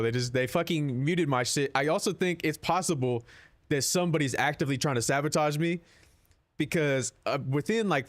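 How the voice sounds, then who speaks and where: A man streaming a game, chatting casually with his chat in a rambling, profane, laid-back way. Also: mid-range voice.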